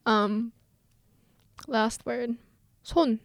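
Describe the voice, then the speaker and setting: A woman co-hosts a podcast in relaxed, joking chat. Her voice sits fairly high, and she often asks questions and laughs. The recording is dry and close. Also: slow pace, vocal fry, dry recording. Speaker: podcast co-host. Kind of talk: casual chat.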